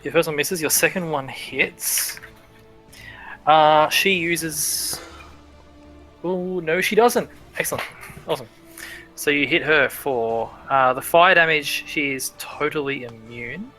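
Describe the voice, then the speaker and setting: A man narrating as game master in a relaxed livestreamed tabletop game, thinking aloud with easy fillers. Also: a little high, slow, soft background music, poor audio. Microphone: livestream microphone.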